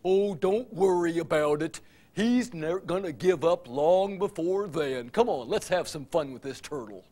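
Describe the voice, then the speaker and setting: A man's voice: a little high, measured pace, dark tone. A man voicing a chatty, playful bird that teases a turtle, in a told story. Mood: teasing.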